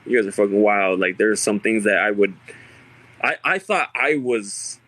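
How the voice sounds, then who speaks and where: Hosting a casual podcast chat, this young man speaks at a moderate pace in a lowish, fairly bright voice with lively intonation. His storytelling is loose and relaxed, heavy on fillers and broken up by lots of laughs.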